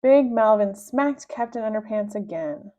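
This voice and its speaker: A woman reading a children's book aloud with expressive, lively narration. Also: unhurried. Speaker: reader. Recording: dull low-fidelity sound.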